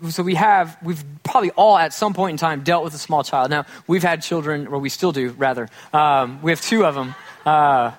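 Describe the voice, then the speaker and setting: A man's voice: on the high side, normal speed. A male pastor preaching a conversational sermon, with self-deprecating humor, who often acts out quoted voices.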